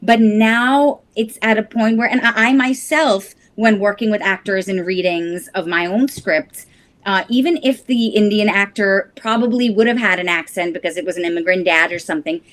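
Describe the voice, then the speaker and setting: A woman guest in an interview talks earnestly and reflectively, pausing to gather her thoughts and leaning on "you know" as she goes. Her voice sits at an ordinary pitch for a woman, neither high nor low, and her manner stays sincere and measured. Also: a bit bright. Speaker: actress and guest.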